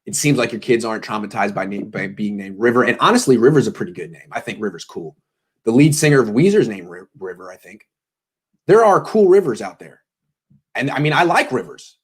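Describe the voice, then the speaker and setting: A man's voice: on the low side, sing-song, brisk, slightly rough. A tired man hosting a pregame sports show, talking casually with jokes and self-deprecating tangents. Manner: joking, self-deprecating, meandering.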